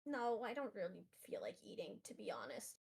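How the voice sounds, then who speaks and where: A woman voicing an upset young female student who speaks in a tearful, halting, apologetic way. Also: mid-range voice, very animated, gravelly, darkish tone, slight background noise.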